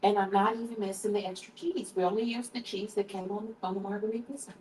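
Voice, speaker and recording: In a home kitchen, a woman with a steady, mid-range voice talks quickly to her livestream viewers between bites of food, occasionally lowering into hushed prayer. The camera mic sits at a distance, so the audio is roomy with slight background noise.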